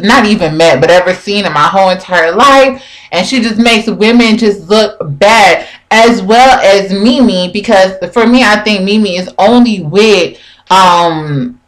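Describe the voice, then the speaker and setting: A woman's voice: medium pitch, fairly bright tone, low-quality recording. A woman vlogger chatting casually from her bathroom at home, rambling with lots of fillers. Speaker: vlogger reviewing a TV show. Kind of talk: casual chat.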